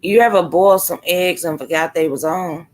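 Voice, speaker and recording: A woman's voice: on the low side, moderate pace. A woman live streamer chatting casually and telling stories with emphasis. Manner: loose, emphatic storytelling. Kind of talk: casual chat.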